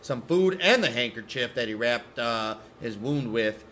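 A man's voice: mid-range voice, animated, a little slow, a bit bright, a little hiss or hum. A man co-hosting a casual podcast who jokes, laughs often and swears while narrating. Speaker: podcast co-host. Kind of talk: casual storytelling chat.

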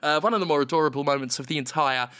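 A young man rambling through a deadpan comedic story in casual chat. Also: fairly high pitch, rapid-fire, smooth.

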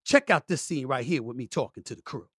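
Forceful, emphatic New sports host. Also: male voice, mid-range voice, fast talker, breathy edge, no room sound, clean studio sound. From New York City. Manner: emphatic, repeats himself, swings into loud excited outbursts. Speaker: sports talk show host. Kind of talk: casual monologue.

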